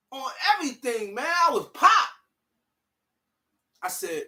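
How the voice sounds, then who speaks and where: Animated bright-voiced man telling a story. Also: high voice, normal speed. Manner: animated, swearing, street slang. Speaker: vlogger. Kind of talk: casual storytelling monologue.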